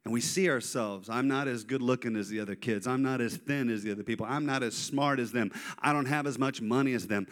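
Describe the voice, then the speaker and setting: A male pastor preaching a sermon, telling animated personal stories and speaking directly to his congregation. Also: medium pitch, a little fast, hardly any pauses. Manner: animated, storytelling, addresses congregation.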